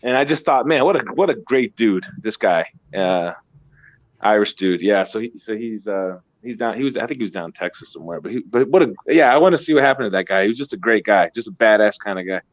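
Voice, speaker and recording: Fast-talking animated man, dull dry sound. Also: fairly low pitch, dry recording. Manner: animated storytelling, swears freely, repeats words. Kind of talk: casual chat.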